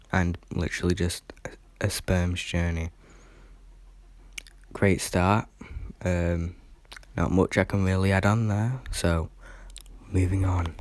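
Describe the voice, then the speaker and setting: British guy chatting through a horror movie review, kinda low voice, dry close sound, lots of ums. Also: darkish tone, dry recording. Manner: rambling and hesitant, with frequent fillers and restarts. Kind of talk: casual film review vlog.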